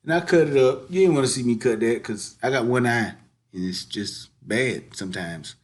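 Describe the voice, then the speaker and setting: A man's voice: medium pitch, normal speed. A man chatting casually while cooking and eating on his vlog, full of slang. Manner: laid-back slangy chatter, sing-song hype chants. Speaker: mukbang vlogger.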